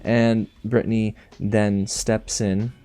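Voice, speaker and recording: A man recapping a reality show in casual commentary, animated and sarcastic, with big jumps in pitch on his asides. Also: takes it slowly, soft background music. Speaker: TV show reviewer.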